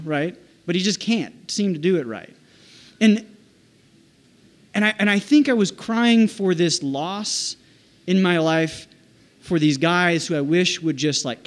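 A man recounting a personal story in a slightly high voice. He talks in a halting, thoughtful way, starting over often and peppering his sentences with "like." His telling stays casual and searching. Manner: halting, reflective, full of "like" and restarts.

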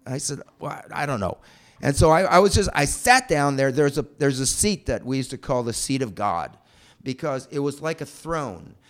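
A man telling a personal story aloud in an animated, breathless way. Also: mid-range voice, normal speed. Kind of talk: personal anecdote told aloud.

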